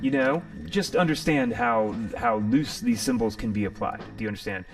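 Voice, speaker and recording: A man's voice: on the low side, expressive, normal speed, far from the mic, soft background music. A man hosting a live tarot reading stream, rambling and jokey, sometimes profane. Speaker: tarot reader and stream host.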